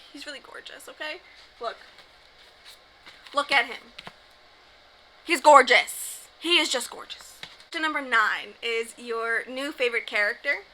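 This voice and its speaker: A woman's voice: a little high, bright, forceful tone, slight background noise, low-quality recording. A young woman book vlogger chatting casually to camera, gushing and emphatic about her favorite reads.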